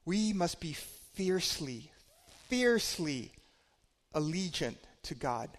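A man preaching a sermon, telling a personal story in a conversational way, swinging between loud and quiet. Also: on the high side, moderate pace, long reverb tail.

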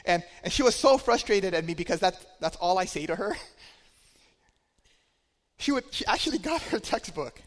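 A man preaching a sermon, telling a personal story in a conversational way, swinging between loud and quiet. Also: high-pitched, sing-song, moderate pace, long pauses, big-room sound.

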